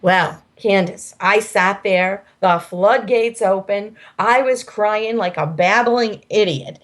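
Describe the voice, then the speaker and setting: A woman guest in an interview telling animated stories about her healing practice, acting out voices as she goes. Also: medium pitch, takes it slowly. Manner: animated storyteller, acts out quoted voices. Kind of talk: conversational interview storytelling.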